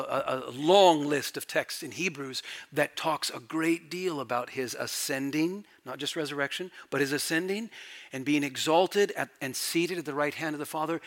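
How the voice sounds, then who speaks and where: A middle-aged pastor with a mid-range voice preaches an expository sermon. He's emphatic, repeats key phrases, and swings between loud declarations and hushed asides.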